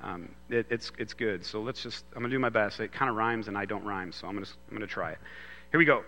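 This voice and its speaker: A man's voice: fairly low pitch, fast, pushed and bright. A man preaching a sermon on a Father's Day morning, in a loose, conversational way with frequent restarts. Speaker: pastor. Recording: long hall reverb.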